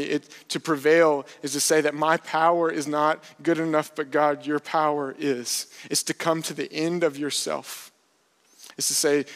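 A man's voice: mid-range voice, a bit bright, in a large hall. A man preaching a sermon as pastor, earnest and building to impassioned emphasis.

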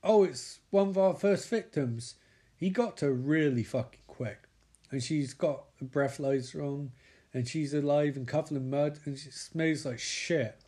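A man recapping a TV episode with sarcastic, sweary, excitable commentary. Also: a little high, unhurried. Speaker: comedic TV recapper.

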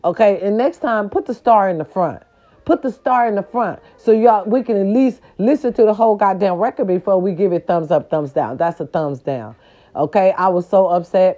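A woman's voice: mid-range voice, warm tone, lo-fi sound. A woman, ranting to her viewers in a sassy, profane and emphatic casual monologue. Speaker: vlogger.

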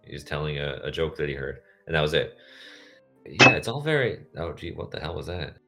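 A man's voice: extremely low pitch, very animated, a little fast, gravelly, over loud music. A man co-hosting a podcast in casual chat, rambling from tangent to tangent. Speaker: podcast co-host.

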